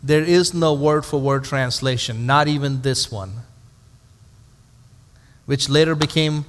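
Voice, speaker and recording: A man's voice: a little high, a little slow, long reverb tail, a little hiss or hum. A male pastor teaching a Bible study to a live audience in a conversational way, asking rhetorical questions and adding dry humorous asides.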